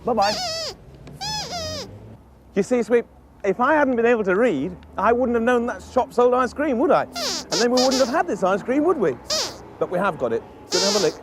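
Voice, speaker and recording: Presenting a children's show, a British-accented man speaks playfully to a puppet, animated, teasing, and patient. His voice is high-pitched, with background noise present.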